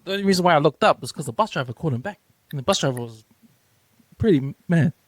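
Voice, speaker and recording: Easygoing New man co-host, a little high, dry close recording. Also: expressive, quick pace, no echo. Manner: laid-back, ends lines with "eh". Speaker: podcast co-host. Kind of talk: casual storytelling chat.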